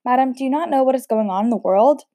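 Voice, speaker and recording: A woman's voice: high voice, fast, warm tone, no room sound. A woman voicing a blunt, defiant young female student, speaking cheekily.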